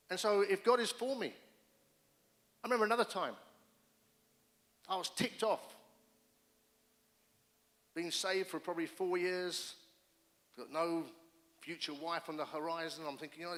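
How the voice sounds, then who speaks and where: Middle-aged male pastor, emphatic storyteller, bright forceful voice. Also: on the high side. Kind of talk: sermon with personal stories.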